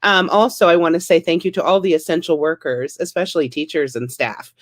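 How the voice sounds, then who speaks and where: A woman's voice: low voice, fairly quick, hardly any pauses. A woman in her thirties doing a stand-up comedy set, wry and self-deprecating, with punchy delivery.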